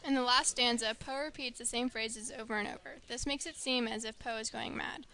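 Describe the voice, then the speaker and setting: A woman and student presenter reading a prepared literary analysis aloud with steady delivery. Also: a little high, brisk.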